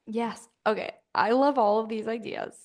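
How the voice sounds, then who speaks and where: A woman's voice: fairly high pitch, moderate pace, a little mellow. A woman podcast host chatting casually, affirming her guest and reflecting on the point. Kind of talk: casual interview chat.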